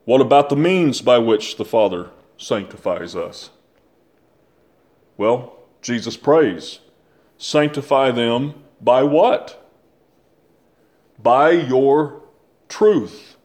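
An older man preaching a sermon, slow and deliberate, repeating phrases for emphasis and asking his listeners questions. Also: medium pitch, expressive, a little mellow. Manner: asks the listeners rhetorical questions.

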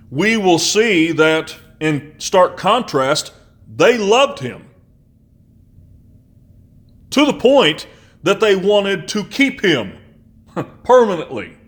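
A man's voice: fairly high pitch, a bit bright. Emphatic man preaching a sermon. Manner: measured, emphatic preaching with slowed key phrases; conversational asides with fillers. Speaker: pastor.

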